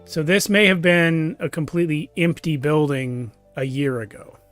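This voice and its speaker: A man narrating as game master of a tabletop game, relaxed and chatty, livening up during action. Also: fairly high pitch, normal speed, soft background music. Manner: relaxed, with fillers and restarts, lively when describing action.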